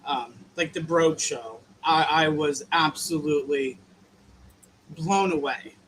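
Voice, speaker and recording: A woman's voice: low-pitched, unhurried, rough recording. A guest drag artist chatting casually, rambling and easily distracted, calling people "honey" and "girl". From Maryland. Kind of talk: casual chat. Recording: faint background noise.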